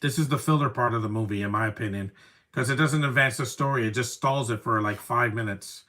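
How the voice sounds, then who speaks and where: A young man giving casual live commentary over a movie, wry and opinionated, often trailing off into quiet asides. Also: mid-range voice, fairly quick. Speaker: film commentary host.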